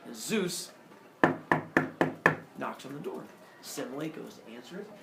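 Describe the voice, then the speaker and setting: A man teaching, telling a myth to his class in a playful, animated way, recorded from the back of an echoey classroom. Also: mid-range voice, unhurried, vocal fry, slight background noise. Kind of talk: storytelling lesson. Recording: echoey room, camera far off.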